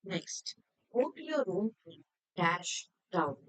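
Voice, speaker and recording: Lowish-voiced woman teacher, dry recording. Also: big pitch swings, slow pace, dry recording, poor audio. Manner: methodical, explains answers step by step. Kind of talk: worksheet explanation lesson.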